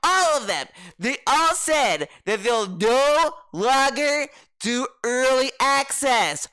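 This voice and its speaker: A man's voice: very high voice, expressive, slow pace, bright, forceful tone, clean tone, voice pushed up, exaggerated voice. A man doing a mocking impression of a smug, boastful male streamer gloating to his chat. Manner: mocking, whiny, exaggerated.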